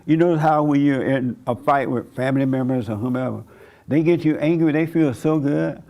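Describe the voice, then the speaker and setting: A man's voice: mid-range voice, moderate pace, gravelly, lo-fi sound. A man preaching a sermon in a conversational way, chuckling often and acting out the voices of people he quotes. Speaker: pastor.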